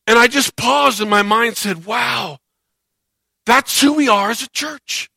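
Male pastor, sermon delivery, bright tense tone, dramatic swings in volume, acts out voices. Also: extremely high pitch, measured pace, gravelly, husky, no room sound. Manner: animated preaching, acts out quoted voices, swings loud and soft.

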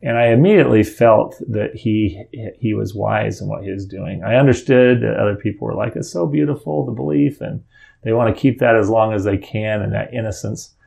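A middle-aged father tells a story from his own life in a casual, earnest way. His voice sits low and carries a strong gravelly rasp. He rambles and keeps restarting his sentences. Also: steady tone, fairly quick, dark tone. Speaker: father telling a personal story.

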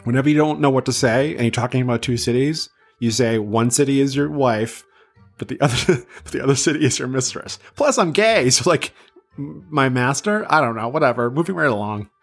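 A man's voice: mid-range voice, brisk, soft background music. A man in his thirties, from south of Boston, hosting a podcast and telling a story in a chatty, self-deprecating way with many fillers. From south of Boston, USA. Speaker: podcast host.

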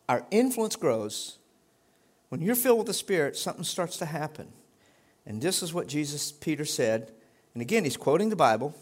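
A middle-aged male pastor preaching a sermon in a conversational way that swells into emphatic exhortation. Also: a little high.

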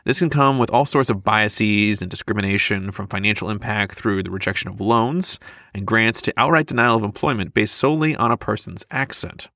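A man's voice: on the low side, fairly quick, sharp tone, dry recording, studio quality. A man co-hosting a podcast in casual chat, chatty and laughing often, with many fillers. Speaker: podcast co-host.

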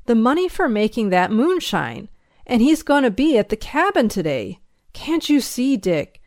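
A woman voices a young man locked in a jail cell, a moonshiner, desperate and pleading. His voice rises and strains, read slowly and close to a dry mic. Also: on the high side, sing-song, darkish tone, dry recording, voice pushed up. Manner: pleading, raised voice.

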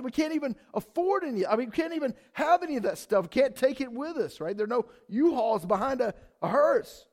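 A man preaching a sermon in a conversational, animated way, asking the congregation questions. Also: very high voice. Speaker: pastor.

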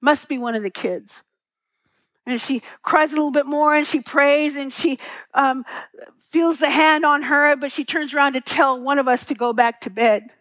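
A woman's voice: high-pitched, steady tone, moderate pace, fairly bright tone, no echo, low-quality recording. A middle-aged woman pastor preaching a sermon, telling stories tenderly and asking the congregation rhetorical questions.

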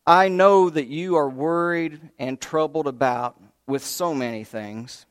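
A man voicing a patient, restrained figure who speaks softly and slowly to console someone. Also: fairly high pitch, clear, resonant tone, close to an everyday voice. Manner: soft, slow, calm.

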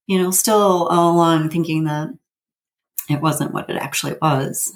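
A woman in her fifties with a notably low voice tells a personal story. She speaks haltingly, with plenty of fillers and nervous little laughs. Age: 50s. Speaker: guest telling her family story.

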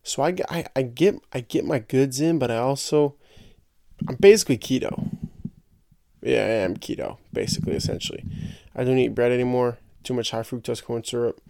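A young man talks loosely to his podcast listeners, jokey and rambling, and he stumbles into repeated words now and then. His voice sits at an ordinary middle pitch. The sound is close and dry, with no room around it. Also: fairly quick, creaky, darkish tone, no room sound. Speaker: podcast host. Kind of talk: casual solo chat.

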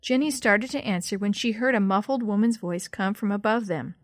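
A woman narrating a children's story in a steady, clear read-aloud style. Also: medium pitch, fairly quick, no room sound, studio quality.

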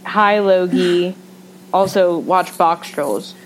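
A woman's voice: lowish voice, slow, slight background noise, poor audio. A young woman co-hosting a podcast, chatting casually and gushing with jokey enthusiasm. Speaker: podcast co-host. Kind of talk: casual chat.

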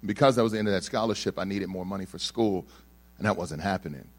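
A man's voice: low-pitched, quick pace. A young man telling a personal story to an audience, acting out the people in it and joking with the crowd. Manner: animated storyteller who acts out the people in his story and jokes with the crowd.

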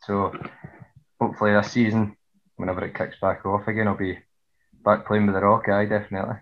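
A man's voice: on the low side, little pitch movement, a little fast, lo-fi sound. A man with a Scottish accent, a football club captain speaking as a guest in a laid-back, laughing way. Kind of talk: casual chat.

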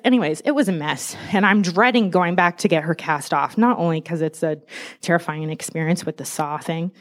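A young adult woman giving a casual, chatty sermon. She is animated and self-deprecating, and she laughs often. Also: on the low side, fairly quick. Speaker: church speaker.

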